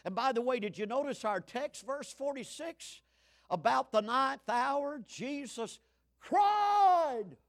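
A man in his seventies preaching a fiery sermon, swinging from shouts to hushed tones. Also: extremely high pitch, animated, slow. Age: 70s.

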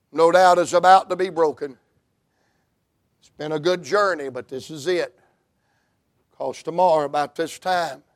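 A preacher with a high voice works through a slow, drawn-out revival sermon. He tells the story at length and then climbs into shouts and half-sung phrases. The sound is close and dry. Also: no room sound. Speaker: Baptist preacher.

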